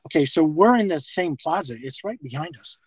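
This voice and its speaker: A middle-aged man talking in a halting, rambling way with nervous laughter. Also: on the high side, lively intonation, slightly rough, no echo, rough recording. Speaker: confronted man. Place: parked car outside a fast-food restaurant.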